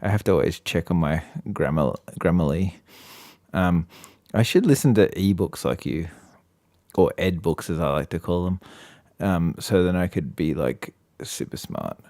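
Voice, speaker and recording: Low dry-voiced man rambling on a podcast. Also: normal speed, a little mellow, dry recording. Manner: rambling, laughs often, many fillers. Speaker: podcast co-host. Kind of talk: casual chat.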